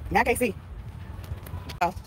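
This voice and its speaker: A woman live-streaming a vlog on her phone while walking around a busy outdoor tailgate, chatting playfully with viewers and greeting them by name. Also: a little slow. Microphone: phone held while walking. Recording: phone recording with outdoor background noise.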